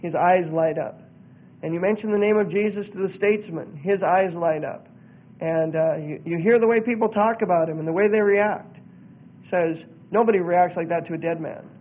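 A man with a fairly high voice delivers an earnest radio teaching, reading passages aloud and then picking them apart. The sound is narrow and tinny, like it came through a phone line. He talks in a steady preaching style. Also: normal speed. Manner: earnest, reads out and comments, acts out quoted voices.

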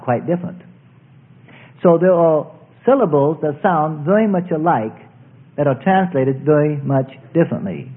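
A man's voice: a little high, moderate pace. A man preaching a sermon as pastor, telling rambling, folksy stories with frequent restarts. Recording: tinny phone-like recording.

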